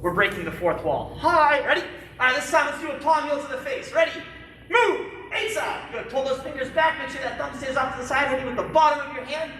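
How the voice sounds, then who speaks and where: A martial arts instructor teaching a live-streamed kids' class in a studio, calling out sharp commands and joking between drills. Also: high voice, fast talker, far from the mic, a little hiss or hum. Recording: very echoey studio heard from afar.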